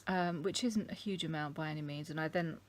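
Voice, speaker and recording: A middle-aged woman from England talking casually to camera, thoughtful and halting, with many ums. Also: low voice. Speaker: vlogger. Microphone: camera mic.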